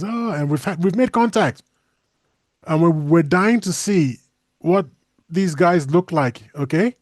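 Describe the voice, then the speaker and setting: Animated high-voiced man chatting. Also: no room sound, clean studio sound. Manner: animated, laughs often, acts out silly voices. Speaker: co-host. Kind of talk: casual chat.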